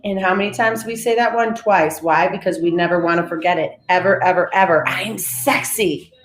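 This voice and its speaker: Emphatic woman host leading affirmations. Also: on the low side. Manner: emphatic, punchy, coaching the audience to repeat. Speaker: motivational live-stream host. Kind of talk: energetic motivational talk with affirmations.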